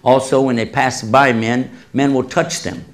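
A man gives a public religious talk, answering questions from the audience through lively stories. He tells them with humor and acts out the voices of the people in them, in a mid-range voice. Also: medium pitch, unhurried. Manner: animated storyteller who acts out quoted voices with humor.

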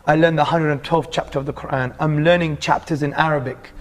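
An earnest Englishman tells his life story during a relaxed, sit-down conversation. His voice is a little high for a man, and he speaks a little fast with lively, heartfelt, animated energy, casually calling the listener "bro."

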